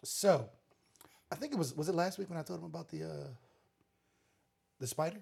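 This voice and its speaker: A man's voice: on the high side, normal speed, creaky, a little mellow, husky. A man co-hosting a podcast, telling stories energetically in casual chat, laughing often. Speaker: podcast co-host.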